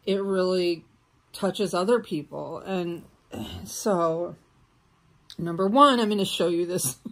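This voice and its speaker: A woman, chatting warmly through an unboxing and getting emotional, sometimes dropping to soft whispers. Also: fairly low pitch, creaky. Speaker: vlogger opening mail. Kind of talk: casual unboxing chat.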